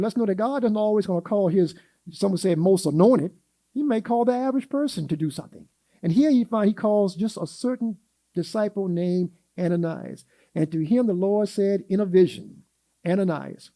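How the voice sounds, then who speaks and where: A man with a high, mellow voice teaches a church Sunday school class. He talks in a folksy way, puts questions to the class and acts out everyday quotes. The sound is close and dry, with no room around it. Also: animated, moderate pace, no echo.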